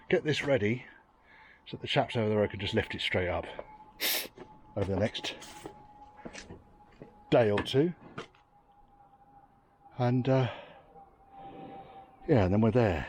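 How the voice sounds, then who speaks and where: A man's voice: lowish voice, lively intonation, slow, long pauses, darkish tone, a little hiss or hum. A tired, rain-soaked man talking casually as he works on old vehicles outdoors, muttering, swearing freely and making dry asides. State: tired and soaking wet. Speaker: classic car restorer vlogger.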